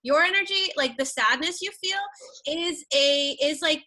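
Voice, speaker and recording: A woman talking earnestly on a casual spiritual group call, animated and repeating words as she thinks aloud. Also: sits high, normal speed.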